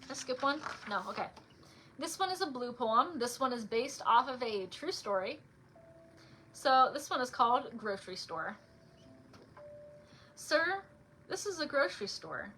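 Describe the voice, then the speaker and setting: A young woman with a bright, slightly high voice reads her poems on a casual livestream. She chats between pieces with plenty of "like" fillers, then drops to a softer delivery for the verses. Faint room ambience sits underneath. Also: lively intonation, normal speed, slight background noise. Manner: chatty with many "like" fillers, softer when reading poems. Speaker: author reading her poetry.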